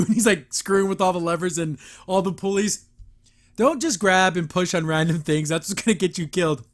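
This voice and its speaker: Man, podcast host, casual review, high voice, chatty, acts out scenes. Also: normal speed, a bit bright. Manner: chatty, retells scenes acting out lines, laughs often.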